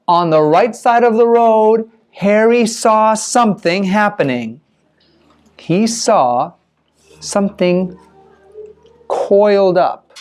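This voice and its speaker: A man telling a children's mission story, animated and playful, with spoken sound effects. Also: sits high.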